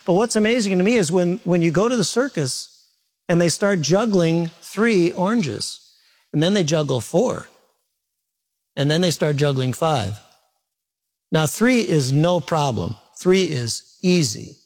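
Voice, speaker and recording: This pastor's voice is on the high side, animated, a little slow and slightly mellow. Preaching to a congregation at a church service, he asks them questions directly and makes humorous asides mocking himself.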